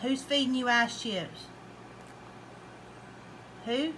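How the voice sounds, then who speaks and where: Soft-spoken woman coaxing her son. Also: a little high, extremely slow, slight background noise. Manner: soft, coaxing, repeats questions. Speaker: mother caring for her son. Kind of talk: coaxing bedside talk. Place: hospital room.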